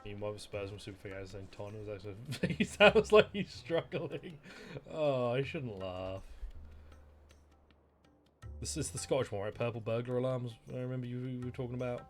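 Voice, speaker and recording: A man streams a game, rambling and cracking crude jokes. His mid-pitched voice swings widely up and down, with faint music behind him. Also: lively intonation, normal speed, pauses often. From England. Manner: joking, sweary, rambling. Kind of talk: casual gaming commentary.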